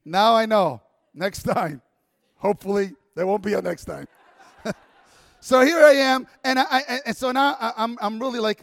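A male pastor preaching in a church, high-pitched and lively as he tells his story. He talks conversationally and breaks into excited outbursts. The voice is close and dry, with a long reverb tail from a large church hall. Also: moderate pace. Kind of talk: storytelling sermon.

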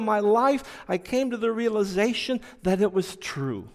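A man giving a personal testimony, telling it slowly and earnestly, dropping to a hush and then rising loud. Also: high voice, expressive, long reverb tail. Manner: slow, earnest storytelling that swings from hushed to loud.

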